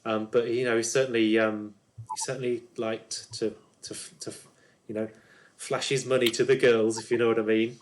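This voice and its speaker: A man's voice: medium pitch, little pitch movement, moderate pace, noisy background, lightly acted. A man voicing a nervous, chatty woman neighbour in a tabletop game, rambling and hesitant with many ums and restarts. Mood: gossipy, nervous.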